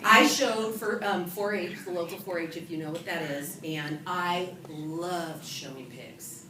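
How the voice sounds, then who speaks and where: A woman from California gives a humorous motivational talk to an audience, telling stories about herself with a lively, self-mocking manner. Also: on the low side, unhurried. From California, USA. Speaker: author and event speaker. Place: event hall with an audience. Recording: echoey room from a distant mic with noise.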